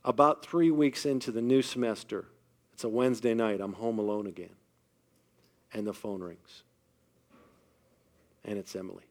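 A middle-aged man preaching a sermon, telling personal stories and moving between hushed, quiet passages and loud, emphatic ones. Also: on the low side, steady tone, moderate pace, long pauses. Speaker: pastor.

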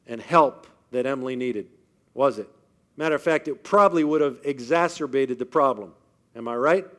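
A man's voice: medium pitch, fairly bright tone. Man giving an emphatic faith talk. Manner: emphatic, questions the audience often. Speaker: speaker addressing a live audience. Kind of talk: faith-based motivational talk.

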